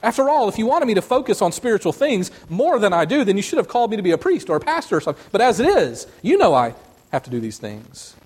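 A preacher putting on a whiny stammering guy making excuses, higher voice. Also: sing-song, quick pace, a little mellow, husky, full character voice. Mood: defensive. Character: sheepish excuse-making man dodging blame.

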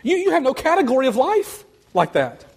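A man preaching a sermon, speaking earnestly and building to quick, emphatic runs. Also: extremely high pitch, wildly swooping pitch, creaky, husky. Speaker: pastor.

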